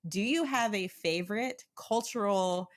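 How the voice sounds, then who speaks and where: A woman's voice: medium pitch, measured pace. A middle-aged woman hosting a podcast interview, chatting casually with frequent laughs and many "like" fillers. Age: 40s. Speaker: podcast host.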